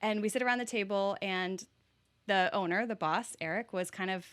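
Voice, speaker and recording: A woman from Virginia hosting a casual interview, chatty and animated, laughing easily as she tells stories. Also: mid-range voice, moderate pace. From Virginia, USA. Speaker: podcast host.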